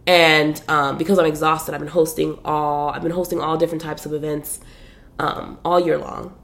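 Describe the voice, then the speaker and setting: A woman with a slightly low-pitched voice talks through her reading list as a podcast host. Her delivery is loose and animated, peppered with slang and fillers. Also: moderate pace, gravelly. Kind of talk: casual chat about books.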